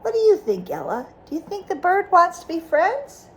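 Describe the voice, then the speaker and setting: A woman's voice: very high voice, moderate pace, a little hiss or hum. A woman reading a picture book aloud to a child, stopping often to ask questions about the pictures. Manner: animated, asks the child questions.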